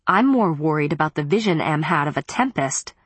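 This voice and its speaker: Woman reading as a gruff no-nonsense aunt, blunt and direct. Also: low-pitched, animated, fairly quick, no room sound. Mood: brusque.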